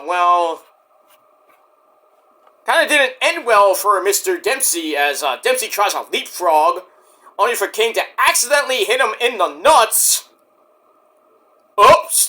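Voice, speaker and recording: A man with a high, bright voice tears through a wrestling show review. He talks sarcastically and swears often, mocking the people he discusses. His pitch swings widely as he rants. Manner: sarcastic, profane, mocks wrestlers in put-on voices. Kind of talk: casual solo review rant.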